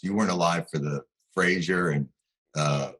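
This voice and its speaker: Middle-aged male guest, dry comic riffing, low register with a bright edge. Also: steady tone, low-quality recording. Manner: wry, quick comic riffs. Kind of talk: casual talk-show banter.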